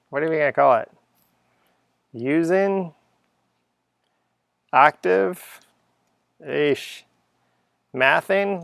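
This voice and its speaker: Chatty gravelly man teaching code. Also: mid-range voice, fairly bright tone, no echo, studio quality. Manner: chatty, thinks aloud, hums and sings sound effects. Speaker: coding teacher. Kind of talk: unscripted screencast coding lesson.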